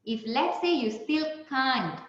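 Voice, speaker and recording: A woman trainer giving a lively webinar talk, stressing words and shifting her pitch up and down, often laughing. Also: takes it slowly. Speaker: communication trainer. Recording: very echoey, dull lo-fi sound.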